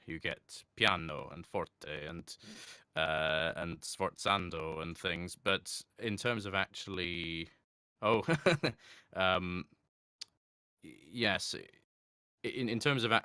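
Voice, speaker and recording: Guy thinking out loud in an interview, stops and restarts a lot, lowish voice, dry close sound. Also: smooth, no room sound. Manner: halting, thoughtful, with frequent restarts; laughs lightly while talking. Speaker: interview guest. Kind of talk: casual interview chat.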